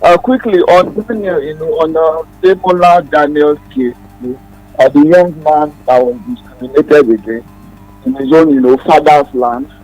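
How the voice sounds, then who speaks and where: A man's voice: fairly high pitch, normal speed, a little mellow, soft background music, low-quality recording. A man with a Nigerian accent calling a radio show, speaking earnestly with many hesitations. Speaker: caller. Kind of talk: phone-in call on radio.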